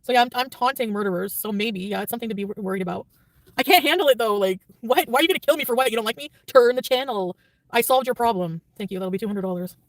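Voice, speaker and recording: A woman's voice: on the high side, fast talker, dry recording. A woman vlogger chatting casually, rambling and defensive, laughing often. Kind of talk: casual vlog chat.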